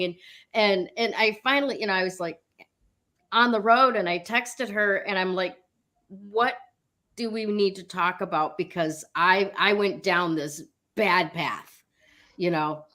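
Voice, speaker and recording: A woman's voice: on the high side, pushed and bright. Candid middle-aged woman telling a story. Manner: candid, swears casually, many fillers and restarts. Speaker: co-host of a spiritual talk show. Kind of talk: casual personal storytelling.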